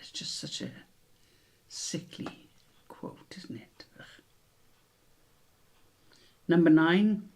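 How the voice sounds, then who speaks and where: A man with a British accent hosting a quiz, reading each question slowly and repeating it, with chatty asides in between. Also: high-pitched, a little mellow, whispered. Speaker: quiz host.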